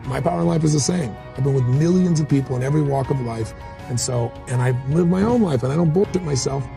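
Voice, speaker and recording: Gravelly fast-talking man, blunt storyteller. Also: fairly high pitch, over music. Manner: storytelling, blunt, acts out quotes. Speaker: motivational speaker. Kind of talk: candid conversational interview.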